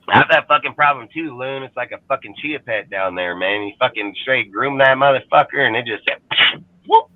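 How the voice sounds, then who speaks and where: A man's voice: lowish voice, dry recording. Profane ranting man on a phone-like line. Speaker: fan show panelist. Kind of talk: profane ranting fan commentary. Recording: phone-like call audio, dry.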